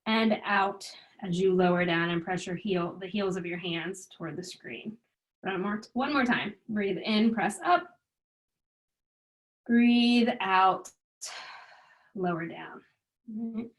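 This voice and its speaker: Calm woman guiding chair yoga. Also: medium pitch, rough recording. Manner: calm, gently coaching breath cues. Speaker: yoga instructor. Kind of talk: guided chair yoga instruction.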